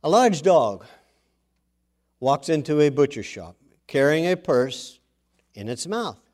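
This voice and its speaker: A middle-aged male pastor preaching a sermon in a folksy, animated storytelling way. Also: a little high, takes it slowly.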